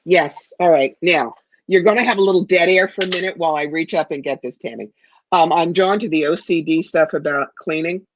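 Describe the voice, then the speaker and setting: A woman's voice: on the low side, brisk, muffled recording. A woman giving psychic readings to viewers in a confident, familiar way, calling people darling. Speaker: psychic medium guest.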